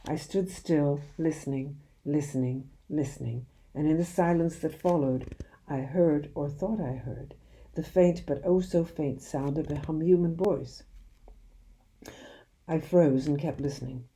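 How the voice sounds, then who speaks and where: A woman reads a children's novel aloud in a slow, hushed storytelling manner. Her voice sits low and sounds mellow and warm, never sharp. Every line is paced to draw the listener in. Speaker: children's book reader.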